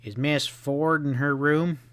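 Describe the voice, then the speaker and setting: A man's voice: a little high, steady tone, slow pace, a bit bright, smooth. A man reading as a dry, ironic frontier sheriff in an audiobook western.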